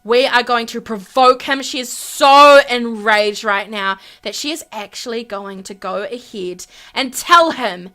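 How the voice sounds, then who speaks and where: A woman narrating her life-simulation game play in an animated way, gasping and exclaiming as she goes. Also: a little high, measured pace, hardly any pauses. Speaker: gaming YouTuber.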